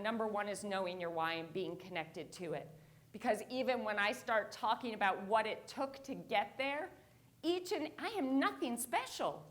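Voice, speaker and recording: Woman, motivational speaker, high voice, animated storytelling, on a conference stage. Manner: animated, lively storytelling with laughs. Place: conference stage before an audience.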